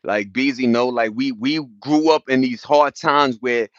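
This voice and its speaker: A man's voice: medium pitch, unhurried, no echo. A man, chatting loosely on a livestream, greeting viewers and laughing as he talks. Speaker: livestream host. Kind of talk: casual livestream chat. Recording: dull lo-fi sound.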